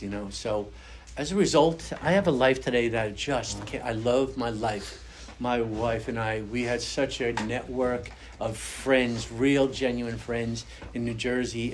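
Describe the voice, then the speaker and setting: A man's voice: medium pitch, a little hiss or hum. Earnest older man sharing his testimony. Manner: earnest, conversational, acts out quoted voices. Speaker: recovery meeting speaker. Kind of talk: personal testimony to a fellowship audience. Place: meeting room with an audience.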